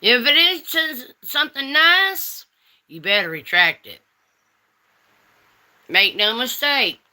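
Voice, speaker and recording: A woman's voice: on the high side, expressive, slow, bright, forceful tone. A woman hosting a casual livestream, reading chat and teasing viewers with pet names like honey and darling.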